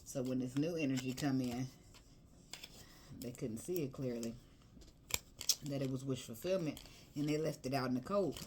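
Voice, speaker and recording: A woman's voice: rumbling low, moderate pace, pauses often, background noise. A woman giving a casual tarot reading, chatty and slangy, breaking into bits of song and laughter. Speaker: tarot reader.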